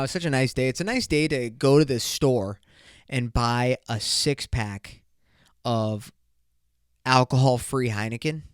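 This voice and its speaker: Young male solo podcaster, crude loose banter, smooth voice, dry recording. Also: medium pitch, no echo. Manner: loose, crude, rambling banter with bursts of excitement. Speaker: podcast host. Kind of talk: casual solo podcast rant.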